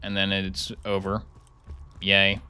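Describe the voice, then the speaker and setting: Male streamer, casual live chat, sarcastic and rambling, bright-toned voice. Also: deep voice, completely flat delivery, slow, clear, resonant tone.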